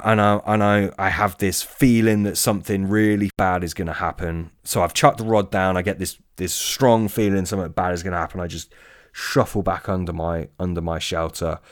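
A man's voice: low-pitched, dry recording, clean studio sound. A man telling a spooky fishing story in casual talk, swearing often and stumbling over restarts. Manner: swearing, halting with many restarts. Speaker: storyteller guest. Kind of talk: casual spoken ghost story.

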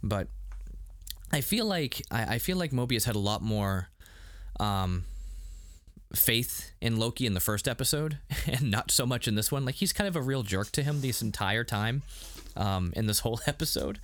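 A man co-hosting a casual review podcast, rambling through scenes and acting out quick quotes. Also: medium pitch, lively intonation, fairly bright tone, dry recording. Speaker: podcast co-host reviewing a TV episode.

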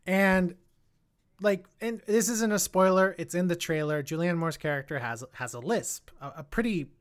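A woman co-hosting a casual film podcast, her voice sitting on the lower side. She rambles and restarts her sentences a lot, swinging between quiet musing and loud outbursts. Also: moderate pace. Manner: rambling, frequent restarts, animated swings in loudness. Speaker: podcast co-host. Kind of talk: casual film discussion chat.

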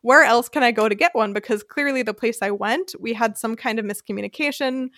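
An American woman hosting a podcast, telling a personal story in a casual, animated way and acting out the voices she quotes. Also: a little high, fairly quick, dry recording, studio quality. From United States. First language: English. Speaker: podcast host.

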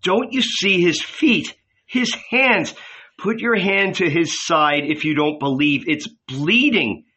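A man's voice: high-pitched, lively intonation, slow pace, sharp tone, husky, heavily acted. A man doing a reproachful male disciple. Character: indignant male disciple defending his master.

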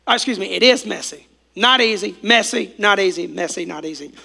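A man preaching a sermon, his voice worn from preaching, swinging between loud calls and hushed passages. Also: sits high, fairly quick, vocal fry. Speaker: pastor.

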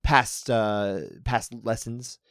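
A man's voice: medium pitch, fairly even intonation, takes it slowly, fairly bright tone, clear, resonant tone, no room sound, clean studio sound. A man co-hosting a podcast in casual chat, talking things through and acting out little scenarios. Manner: chatty, restarts sentences, acts out scenarios. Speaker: podcast co-host.

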